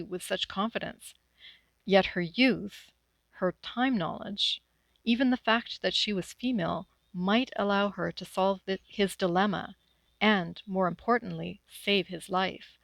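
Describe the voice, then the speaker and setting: A woman's voice: medium pitch, creaky, dry recording, low-quality recording. Woman reading a campfire story aloud. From Northwestern Ontario, Canada. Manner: measured, expressive narration. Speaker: author reading her story.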